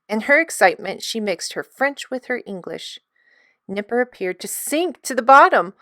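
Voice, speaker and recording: Woman storybook reader, expressive; smooth tone, dry recording. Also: a little high, normal speed, no room sound. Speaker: storybook reader for an art class. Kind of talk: storybook read-aloud.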